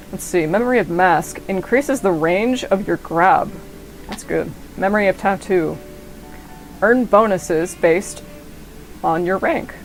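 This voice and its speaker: A woman's voice: medium pitch, low-quality recording. Rambling, profane young woman streamer. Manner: rambling, profane, self-interrupting. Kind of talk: casual gameplay commentary. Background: faint game music.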